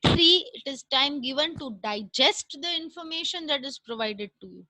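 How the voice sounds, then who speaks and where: A woman lectures an online class in a measured, explanatory way, pausing often with fillers. Her voice sits high and bright. The recording is dry and close on a computer mic. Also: expressive, dry recording, rough recording.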